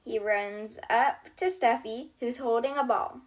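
A woman hosting a channel where she reads children's storybooks aloud in a gentle voice. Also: fairly high pitch. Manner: gentle, unhurried reading voice.

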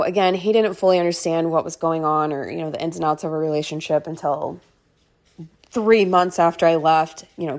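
A woman's voice: fairly low pitch, darkish tone. A woman in her thirties hosting a podcast, telling a personal story in a casual, rambling way full of filler words. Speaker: podcast host.

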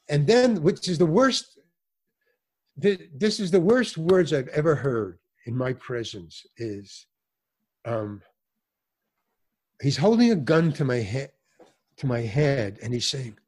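A man's voice: medium pitch, very animated, slow pace, pauses often, a little mellow. An older man, an actor and comedian, telling a story in a casual interview and acting out the voices of the people in it, with many fillers and restarts.

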